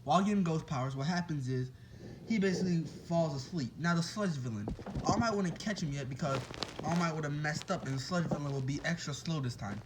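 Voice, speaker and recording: Man telling a made-up story off the cuff, rambling and chatty, slightly high-pitched. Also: a little fast, background noise. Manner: rambling, with restarts and asides to listeners. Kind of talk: casual improvised fan-fiction storytelling.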